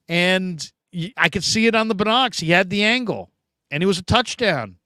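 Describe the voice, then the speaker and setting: A man hosting a sports show, chatting casually and reading viewer comments, animated and talkative with loud bursts and quiet asides. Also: sits high, normal speed, no room sound. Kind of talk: casual live-stream chat reading comments.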